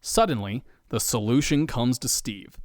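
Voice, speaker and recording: Man narrating a comic story, lively pitch. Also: moderate pace, no echo, studio quality. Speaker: podcast narrator. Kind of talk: scripted comedic narration.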